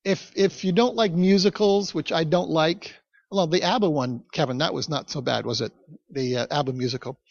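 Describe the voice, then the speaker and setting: A man's voice: fairly high pitch, normal speed, creaky, no room sound. A male pastor preaching a sermon in a conversational storytelling manner, with asides to the congregation. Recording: dull, dry recording.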